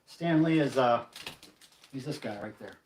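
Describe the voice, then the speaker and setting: A man hosting a casual livestream, telling a rambling, animated story. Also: medium pitch, unhurried, echoey room, slight background noise, rough recording. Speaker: livestream host.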